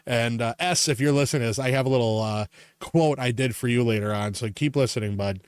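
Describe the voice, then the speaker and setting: A man's voice: medium pitch, quick pace, clear, resonant tone, no echo. A man co-hosting a podcast, telling a story in casual chat, swearing often and laughing as he talks. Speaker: podcast co-host.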